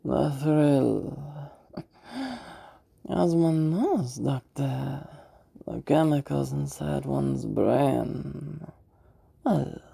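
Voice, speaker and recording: A man voicing a sly, sinister woman villain, drawing out his words slowly and stressing only certain ones. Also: medium pitch, vocal fry, husky, full character voice. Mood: sinister, drawling. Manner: slow, drawn-out, oddly flat delivery.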